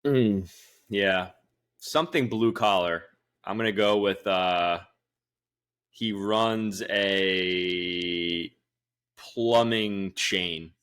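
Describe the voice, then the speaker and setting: A man's voice: low-pitched, drawn-out words, a bit bright, clean tone. A young man co-hosting a sports podcast, laid back and dry in his jokes. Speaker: podcast co-host. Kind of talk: casual sports chat.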